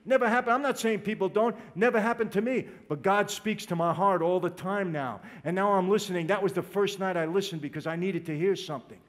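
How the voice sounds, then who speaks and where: A man's voice: sits high, a little fast, hardly any pauses. A man giving an emotional religious testimony, speaking straight to his audience and calling them "people". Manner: emotional, direct, addresses listeners as "people".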